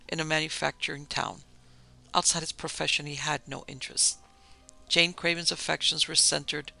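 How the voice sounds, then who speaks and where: A man narrating a period memoir tale as a storybook reading, measured and even. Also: a little high, vocal fry. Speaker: narrator and producer.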